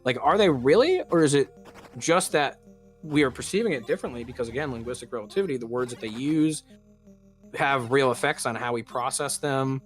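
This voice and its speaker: Over soft background music, a streamer and host chats casually while gaming, rambling with plenty of fillers and restarts. His mid-range voice is expressive and brisk.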